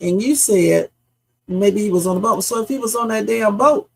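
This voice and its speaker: A woman's voice: mid-range voice, moderate pace, gravelly, breathy edge. A woman hosting a live reaction stream, talking back to her chat in a heated, questioning way and swearing freely. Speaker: livestream host.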